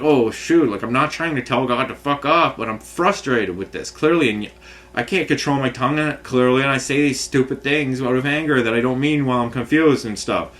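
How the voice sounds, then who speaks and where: A man's voice: mid-range voice, a bit bright. A man venting in a rambling, agitated rant full of swearing and restarts. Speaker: vlogger. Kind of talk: frustrated rant to camera.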